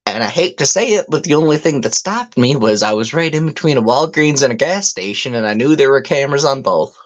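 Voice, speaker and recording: A podcast speaker trading stories in casual chat. The talk is loose and frustrated, full of swearing and restarts. The pitch sits in an ordinary middle range. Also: expressive, a little fast. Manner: profane, restarting anecdotes told in a frustrated tone. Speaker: podcast co-host.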